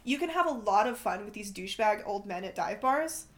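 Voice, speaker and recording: A woman chatting casually on a podcast, animated and sweary, full of "like" and "right?". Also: medium pitch, brisk. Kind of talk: casual conversational chat.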